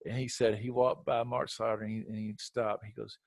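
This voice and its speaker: Animated man telling a story. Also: lowish voice, a little fast, vocal fry, few pauses, dry recording. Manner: animated storyteller, acts out quotes. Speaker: podcast host. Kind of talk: casual storytelling chat.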